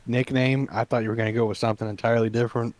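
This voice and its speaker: A man's voice: mid-range voice, little pitch movement, racing, darkish tone, dry recording. A young man co-hosting a podcast, sarcastic and skeptical, trading silly puns. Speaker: podcast co-host. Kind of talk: casual chat.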